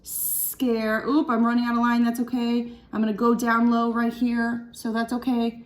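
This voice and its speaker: A woman's voice: a little high, monotone, normal speed. A young woman teaching a writing lesson to children, thinking aloud and counting syllables patiently.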